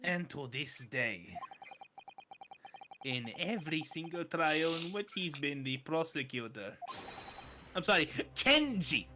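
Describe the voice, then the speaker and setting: A man's voice: on the high side, big pitch swings, slow, pauses often, noisy background. A man reading game dialogue aloud in a casual group stream, delivering the lines theatrically and laughing often with friends.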